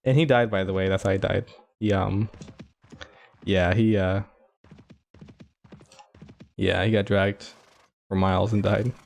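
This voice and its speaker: Deep, creaky and a little mellow, his voice holds a steady tone while he speaks unhurriedly and pauses often. He's narrating his own game playthrough in a casual, rambling way, heavy on "like" fillers and chuckling asides.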